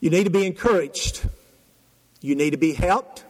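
A man preaching a sermon, telling a story in rhythmic, repeated phrases with dramatic pauses. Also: fairly high pitch. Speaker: pastor. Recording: long hall reverb.

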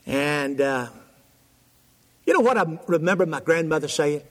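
A man preaching a sermon, telling a story in rhythmic, repeated phrases with dramatic pauses. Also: fairly high pitch, lively intonation. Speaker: pastor. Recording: long hall reverb.

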